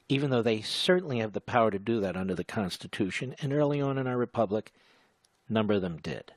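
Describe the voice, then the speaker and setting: Sarcastic talk radio host, dry studio. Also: male voice, mid-range voice, expressive, no echo. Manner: sarcastic, mocking, slows to spell things out. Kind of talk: combative talk radio monologue. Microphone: studio microphone.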